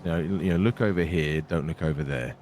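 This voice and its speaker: A man's voice: a bass voice, fairly quick, darkish tone, a little hiss or hum. A man talking in character in an online role-play game as a scheming intelligence man, sly and dryly boastful. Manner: sly, scheming, dry storytelling.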